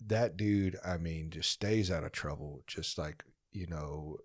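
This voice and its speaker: A man's voice: sits low, unhurried, breathy edge. A young man hosting a podcast, talking earnestly and encouragingly in casual chat with lots of fillers. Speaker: podcast host.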